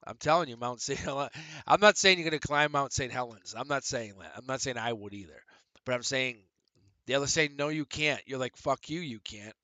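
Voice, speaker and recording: A man doing a live-streamed tarot reading, animated and profane, laughing often and acting out little quoted voices. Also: medium pitch, a little fast, no echo. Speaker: tarot reader.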